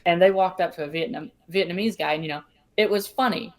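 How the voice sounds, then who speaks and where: A woman with a Southern US accent and a low, deep voice hosts a relaxed podcast conversation. She talks in a chatty, easygoing way, with stories and asides. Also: fast talker. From American South. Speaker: host. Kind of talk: casual podcast chat.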